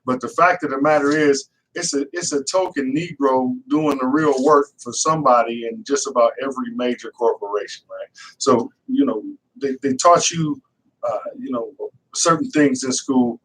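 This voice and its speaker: A man's voice: medium pitch, moderate pace, a bit bright, husky. A man co-hosting a casual talk show, earnest and persistent, peppering his points with "real talk" and "right?". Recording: voice a bit distant from the mic.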